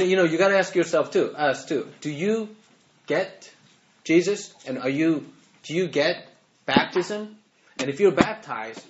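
A man preaching to a youth group in an animated way, laughing often and checking in with his listeners. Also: on the high side, a little hiss or hum. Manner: animated, laughs often, keeps asking "right?". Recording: dull lo-fi recording.

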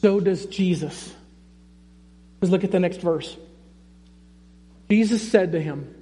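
A man's voice: sits high, animated, unhurried, long pauses, dark tone. A male pastor preaching a sermon in an emphatic, conversational way. He often repeats his key phrases. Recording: long reverb in a large hall.

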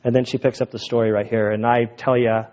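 A man's voice: mid-range voice, level tone, fairly quick, a little mellow, muffled recording. A man preaching a sermon, telling a story in a loose, casual way with many fillers and restarts, then reading a passage aloud while holding back tears. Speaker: pastor.

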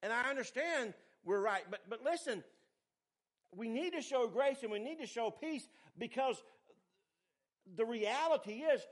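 A male pastor, preaching a sermon with animated swings between loud emphasis and quiet asides. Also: unhurried. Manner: animated preaching, pitch and volume rising and falling widely.

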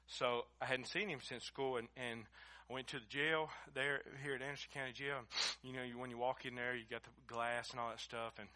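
A man preaching a sermon, moving between quiet storytelling and loud, emphatic preaching in a folksy way. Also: mid-range voice, steady tone, brisk. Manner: swings from hushed storytelling to shouted preaching. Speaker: pastor.

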